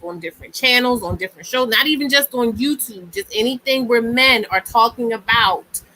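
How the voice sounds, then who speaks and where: A woman's voice: fairly high pitch, pushed and bright, low-quality recording. A woman hosting a casual live-stream talk, speaking in a chatty, emphatic way and often repeating herself. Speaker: host.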